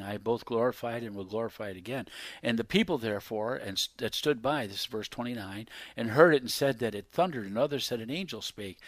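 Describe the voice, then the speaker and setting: A man preaching a sermon, reading scripture aloud and swinging between loud emphasis and hushed whispers. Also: medium pitch, no room sound. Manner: reads scripture aloud in King James wording.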